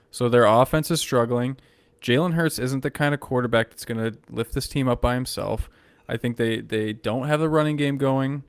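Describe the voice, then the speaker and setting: A man's voice: mid-range voice, dry recording. A man co-hosting a sports podcast in casual chat, laid-back and teasing. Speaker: podcast co-host.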